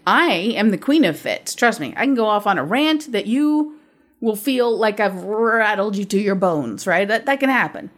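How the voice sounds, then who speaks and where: Brief blunt, foul-mouthed woman podcast host, casual storytelling rant, mid-range voice. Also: mid-range voice. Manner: blunt, profane ranting storyteller. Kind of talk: casual chat.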